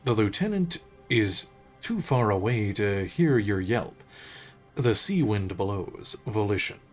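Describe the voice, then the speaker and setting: A man streaming a game, reading its narration aloud in a measured, unhurried way with occasional slips. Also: on the low side, sing-song, soft background music.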